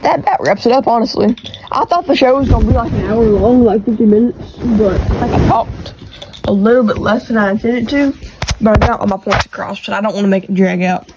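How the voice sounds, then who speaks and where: A woman with a thick Texas country accent hosting her own podcast from her bedroom, talking quickly and rambling with restarts, recorded on earbuds and a phone. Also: on the high side, background noise. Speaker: podcast host. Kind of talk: casual solo podcast chat. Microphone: AirPods with iPhone recording.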